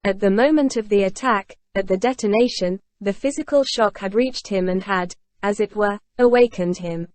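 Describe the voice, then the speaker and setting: A woman narrating a classic novel in a steady, measured reading voice. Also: mid-range voice, no room sound. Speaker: audiobook reader. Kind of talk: scripted narration.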